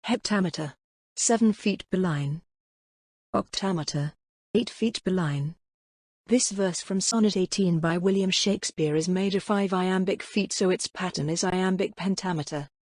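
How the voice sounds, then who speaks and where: A woman reading scripted educational narration in a measured, explanatory way, like a teacher. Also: on the low side, a little mellow, dry recording.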